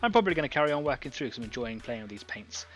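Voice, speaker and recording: A man's voice: mid-range voice, sing-song, very fast, fairly bright tone. A man hosting an online painting club, chatting casually and thinking aloud as he demonstrates airbrush painting. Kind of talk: casual live-stream painting demo.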